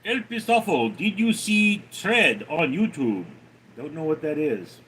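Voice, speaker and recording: A man hosting a casual livestream, rambling offhandedly and greeting viewers from the chat. His voice is bright, his pitch swings widely, and he talks at an unhurried, drawn-out pace. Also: lively intonation, slightly rough, poor audio. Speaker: livestream host.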